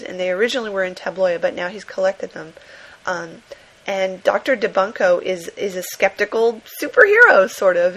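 A woman's voice: mid-range voice, poor audio. Chatty woman gushing about comics. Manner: enthusiastic, laughing often, many fillers. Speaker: podcast host. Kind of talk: casual book review monologue.

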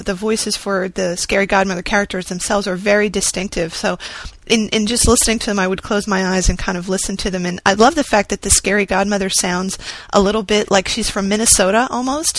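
A woman's voice: mid-range voice, no room sound, low-quality recording. Enthusiastic woman interviewer. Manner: enthusiastic, warmly admiring. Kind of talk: casual interview chat.

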